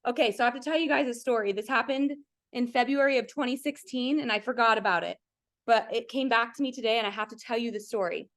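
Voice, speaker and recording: A woman's voice: a little high, fast talker. A woman hosting a coaching call over video, telling an emotional personal story in an earnest, chatty way, full of "like" and direct questions to her listeners. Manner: emotional, earnest, heavy use of "like", addresses the audience directly.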